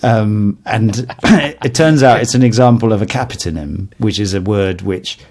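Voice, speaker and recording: A man co-hosting a podcast, telling relaxed stories in casual chat and chuckling often. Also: lowish voice, normal speed. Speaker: podcast co-host.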